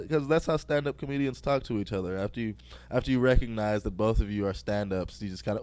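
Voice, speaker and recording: A man's voice: mid-range voice, quick pace, a little mellow, dry recording. A young man hosting a podcast, telling a rambling, profane story and laughing at his own jokes. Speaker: podcast host.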